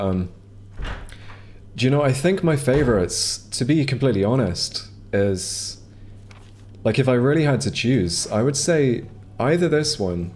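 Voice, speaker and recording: A man's voice: medium pitch, a little mellow, a little hiss or hum. A man streaming a video game, chatting casually to viewers, rambling with many ums and restarts. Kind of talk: casual gameplay commentary. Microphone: headset or desk mic.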